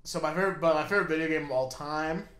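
Young man, casual chat, a touch high, jokey and crude, echoey room. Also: rapid-fire. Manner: joking, swears loudly, bursts of shouting.

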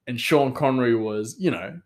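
Weitschweifiger Mann, der frei drauflos plaudert. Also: male voice, medium pitch, darkish tone. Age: adult father. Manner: rambling, full of "like" and "um" fillers. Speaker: podcast host. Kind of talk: casual solo rant.

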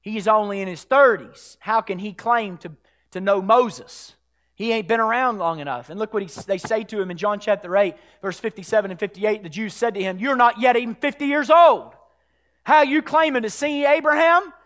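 A pastor preaching a sermon to his church, swinging from hushed, whispered lows to shouted climaxes. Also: moderate pace. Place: church sanctuary.

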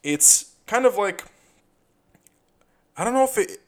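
A young man talks through a casual solo podcast episode, rambling from thought to thought. He leans heavily on fillers and keeps repeating "you know", and he swears freely. His voice sits a little on the high side for a man. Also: lively intonation, slow pace. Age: young adult. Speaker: podcast host.

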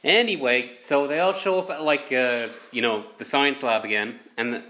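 A man co-hosting a podcast in casual chat, halting and often steering the talk back on track. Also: mid-range voice, sharp tone. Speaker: podcast co-host.

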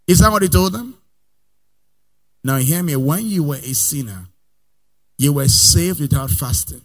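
A man preaching in a rising, sing-song cadence. His voice sits fairly high for a man. He surges loud, then drops to soft, drawn-out phrases, and calls out for the next Bible verse between readings. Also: animated. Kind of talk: sermon.

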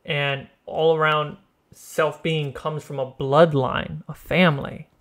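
Podcast co-host, male, somewhat high-pitched, quick explainer. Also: flat delivery, a bit bright. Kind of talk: casual chat.

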